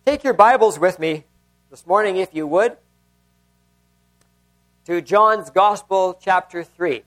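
A man's voice: high-pitched, slow pace, a bit bright. A man, a pastor, preaching a sermon in a conversational way, telling stories and often repeating and restarting his phrases.

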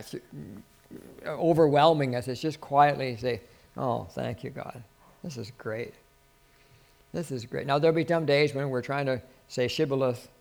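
Pastor, male, mid-pitched, earnest and rambling small-group preaching, hushes for quoted prayers. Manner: rambling and earnest, with many restarts, dropping to a soft voice for quoted prayers. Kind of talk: informal sermon to a small group.

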